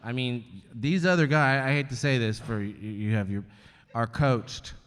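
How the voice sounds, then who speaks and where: Man with a smooth voice in a reverberant hall. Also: medium pitch, fairly bright tone. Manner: candid, wry, halting with restarts. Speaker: guest comedian and author. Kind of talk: live on-stage conversation. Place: stage at an arts venue before an audience.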